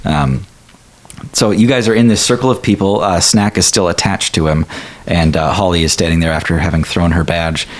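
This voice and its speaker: A man's voice: low voice, fairly even intonation, normal speed. A man narrating as game master in a tabletop role-playing game, rambling with many fillers. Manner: rambling, many ums and likes.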